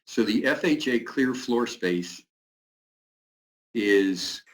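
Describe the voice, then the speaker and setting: A man's voice: mid-range voice, expressive, extremely slow, low-quality recording. A man giving a technical building-code presentation and answering questions, with many fillers. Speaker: product representative presenting.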